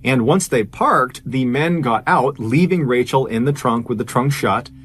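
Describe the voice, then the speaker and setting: A man's voice: medium pitch, measured pace, a bit bright, breathy edge. A man telling a true crime story in a conversational, emphatic way.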